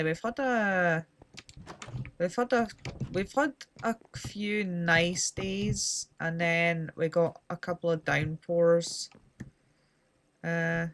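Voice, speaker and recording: While gaming on stream, a woman from Scotland rambles through casual chat laced with dry humor. She speaks on the low side with a fairly bright tone, and there's slight background noise.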